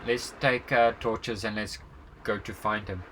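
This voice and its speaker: A man's voice: on the low side, fairly even intonation, unhurried, fairly bright tone, a little hiss or hum. Man voicing a stern old sage guru.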